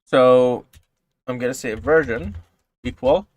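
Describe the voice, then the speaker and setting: Male coding tutor, mid pitch, dry close sound, swings between calm and loud bursts, swears a lot. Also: takes it slowly, no echo. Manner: swings from calm explaining to loud excited outbursts, swears often. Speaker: programming tutorial host. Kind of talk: casual screen-recorded coding tutorial.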